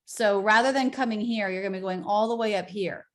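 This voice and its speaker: A woman coaching English pronunciation, encouraging and demonstrating pitch changes with exaggerated examples. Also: a little fast. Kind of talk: accent coaching session.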